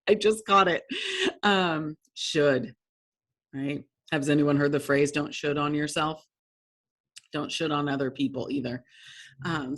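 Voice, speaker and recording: Chatty woman leading a workshop. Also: low-pitched. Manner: conversational, laughs often, self-deprecating. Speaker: workshop presenter. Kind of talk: workshop lesson with storytelling.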